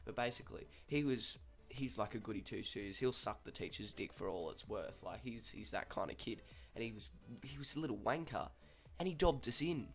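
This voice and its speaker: A man's voice: medium pitch, animated, fairly quick. A young man with an Australian accent casually telling a school story, chatty and swearing freely.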